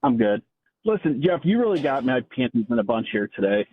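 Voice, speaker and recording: A man's voice: medium pitch, very animated, a little fast, a little hiss or hum. A man calling in to a sports radio show, ranting with heavy sarcasm. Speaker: caller. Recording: phone line.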